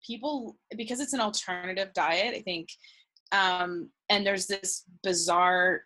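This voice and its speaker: A woman's voice: mid-range voice, a little slow, bright, forceful tone. Chatty young woman, casual interview. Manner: chatty, laughs often, acts out others in quotes. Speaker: guest researcher.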